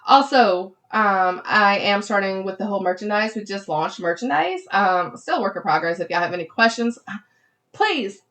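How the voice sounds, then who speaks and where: A woman's voice: medium pitch, normal speed. A woman with a Southern Louisiana accent hosting a podcast, talking casually and with animation, and saying "y'all" often. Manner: chatty, animated, heavy use of "y'all". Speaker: podcast host.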